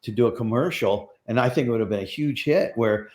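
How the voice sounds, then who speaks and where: A man's voice: medium pitch, fairly quick, a little mellow. A middle-aged man, a prop master, rambling through casual stories in an interview and acting out the voices of people he quotes.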